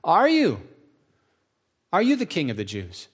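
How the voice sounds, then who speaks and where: A man's voice: on the high side, huge pitch swings, unhurried, husky, voice pushed up, full character voice. A man doing Pilate, incredulous Roman governor.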